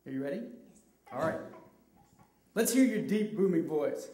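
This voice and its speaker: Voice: mid-range voice, moderate pace. A children's ministry leader directing a Bible skit with kids, cheering them on and feeding them their lines. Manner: lively, cheering, coaching kids line by line. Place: church children's room. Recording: roomy hall sound, mic at a distance.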